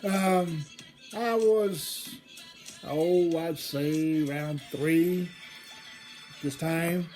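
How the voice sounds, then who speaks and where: Woman storyteller, low voice, casual and rambling, rises to excited retelling; faint music under. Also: drawn-out words, pauses often. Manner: rambling, restarts, grows loud and excited in the retelling. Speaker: storyteller host. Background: faint background music.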